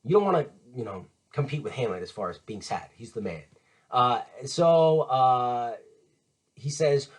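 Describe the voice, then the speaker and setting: A man's voice: medium pitch, measured pace. A man teaching literature in a casual lecture, retelling a play in modern slang. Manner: chatty, paraphrases quotes in modern slang, lively and animated.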